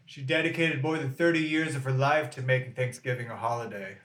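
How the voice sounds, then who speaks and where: A man co-hosting a podcast, telling a history story in a casual, deadpan way with fillers. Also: medium pitch, a little fast. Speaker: podcast co-host. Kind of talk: casual chat. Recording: echoey room.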